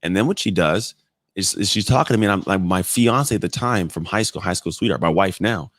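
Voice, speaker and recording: A man in his thirties, a podcast guest, telling personal stories in an animated, blunt way with casual swearing. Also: low voice, a little fast, dry recording. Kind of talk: casual storytelling in conversation.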